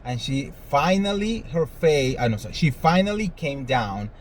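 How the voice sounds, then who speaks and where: Sassy, animated gossip-host man. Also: on the high side, a little slow, slight background noise, low-quality recording. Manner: animated, sassy, swears freely, dramatic voice swings. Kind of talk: casual commentary monologue.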